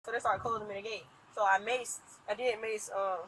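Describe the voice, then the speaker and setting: A woman rapidly retelling events to a police officer, animated, acting out what others said. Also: medium pitch, a little hiss or hum, poor audio. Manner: rapid, animated storytelling with quoted dialogue. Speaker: complainant talking to police. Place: outdoors at an impound lot. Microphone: police bodycam.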